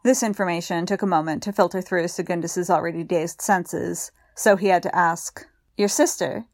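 Low-voiced woman reading a story aloud. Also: fairly even intonation, normal speed, dry recording, clean studio sound. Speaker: story reader. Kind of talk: audiobook narration.

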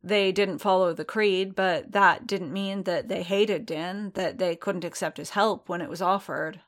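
A woman reads a piece of fiction aloud in a calm, measured way. Her voice sits a little low, and she takes her time over each sentence. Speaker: reader.

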